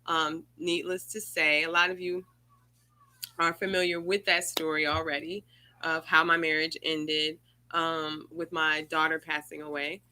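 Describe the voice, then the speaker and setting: A woman's voice: low voice, little pitch movement, unhurried, sharp tone. A woman hosting an online circle, telling a personal story in an earnest, conversational way over a video call. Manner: earnest, conversational, rising emotion. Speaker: circle host.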